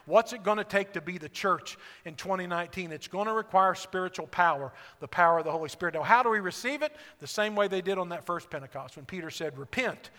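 A fervent male pastor with a strikingly high, bright voice preaches in a church sanctuary. He swings from quiet, intimate stretches to ringing, near-shouted exhortations. A long reverb trails each phrase through the hall. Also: fast talker, few pauses. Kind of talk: sermon.

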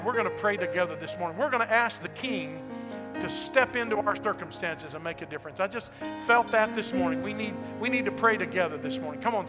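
A man pastor preaching a sermon to a congregation, building to loud shouted lines and then dropping his voice. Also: high-pitched. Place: church sanctuary. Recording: echoey hall.

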